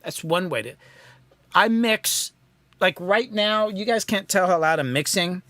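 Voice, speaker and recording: A man's voice: high voice, expressive, a little slow, pushed and bright, no room sound. A man hosting a casual live stream from his home mixing studio, thinking aloud and rambling in a self-deprecating way, with lots of ums.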